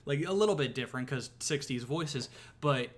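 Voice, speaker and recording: A man co-hosting a podcast, chatting casually about a movie, animated and laughing often, with some swearing. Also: medium pitch, normal speed. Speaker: podcast co-host. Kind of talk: casual movie review chat.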